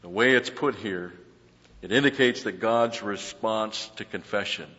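A man's voice: on the low side, lively intonation, measured pace, long pauses, sharp tone. A middle-aged man preaching a sermon as pastor, earnest and emphatic, often repeating words as he searches for them. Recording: dull lo-fi sound with long hall reverb.

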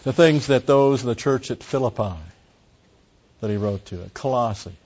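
Speaking at normal speed with a medium-pitched, darkish voice, this man teaches a Bible study. He explains words in detail and hammers home his points with emphatic repetition of key phrases. The recording quality is dull lo-fi.

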